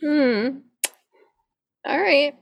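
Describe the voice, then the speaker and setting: A woman's voice: high-pitched, extremely slow, creaky, lo-fi sound. A woman playing in a tabletop game, answering the game master casually and wryly. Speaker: player.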